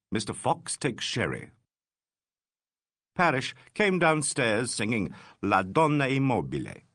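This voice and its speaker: A man narrating a classic mystery audiobook with expressive, varied delivery. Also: fairly low pitch, breathy edge, dry recording, clean studio sound.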